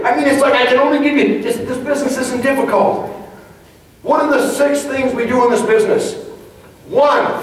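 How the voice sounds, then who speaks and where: High-voiced man coaching a room, echoey. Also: moderate pace. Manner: emphatic, conversational, acts out dialogues. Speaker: leadership trainer. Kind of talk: live motivational training talk. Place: large meeting room before an audience. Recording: very echoey room, distant mic, faint ambience.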